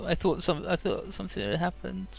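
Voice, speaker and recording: A man's voice: sits high, sing-song, fairly quick, gravelly, faint music behind, voice pushed up, full character voice. A man putting on the voice of a jittery, awkward teenage soldier boy in a mocking dub of game scenes, stammering and flustered.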